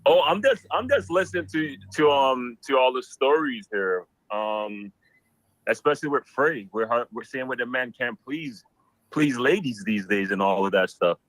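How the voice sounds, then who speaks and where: A man calling in to a talk show, telling a story in an animated, exclaiming way. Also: mid-range voice, moderate pace, dry recording, rough recording. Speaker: caller. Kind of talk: casual call-in chat.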